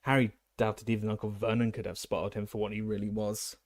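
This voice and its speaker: A man reading an audiobook aloud, steady with small slips and restarts. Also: lowish voice, fairly quick, no echo, clean studio sound. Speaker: audiobook reader. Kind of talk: audiobook narration.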